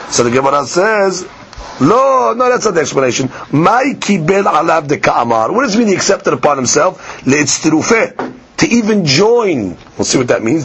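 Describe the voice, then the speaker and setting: A man teaching a daily Talmud lesson, reading Aramaic lines and explaining them in in an animated way. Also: on the high side, breathy edge. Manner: explains Aramaic text line by line in English, animated. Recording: muffled lo-fi podcast recording.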